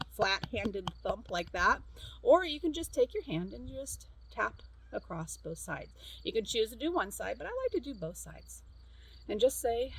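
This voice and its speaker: A woman's voice: mid-range voice, a little hiss or hum, low-quality recording. Middle-aged lady counselor walking you through tapping outside, bouncy voice, crickets faint behind. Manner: chatty, repeats cue phrases, laughs easily. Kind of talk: casual instructional demonstration. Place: outdoors at a farm.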